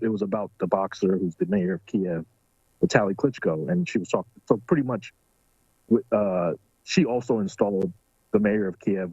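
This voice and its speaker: A man with a low, mellow voice speaks haltingly on a talk show, filling his pauses with "uh." His voice is husky, and the dry recording sounds dull and muffled. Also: no room sound. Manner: hesitant, lots of fillers. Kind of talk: casual political talk show chat.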